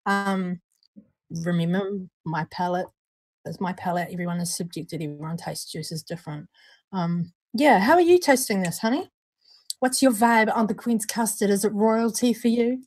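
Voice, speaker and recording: A woman's voice: medium pitch, normal speed, a little mellow, no echo. A woman hosting a casual live vape review stream from home, chatty and laughing often. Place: at home, indoors at night.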